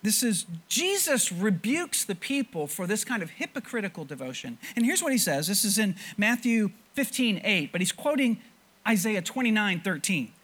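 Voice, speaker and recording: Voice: mid-range voice, moderate pace. A preacher giving a sermon to a congregation, asking them questions and often repeating words as thoughts restart. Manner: animated, stammering restarts, rhetorical questions to the congregation. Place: church before a congregation.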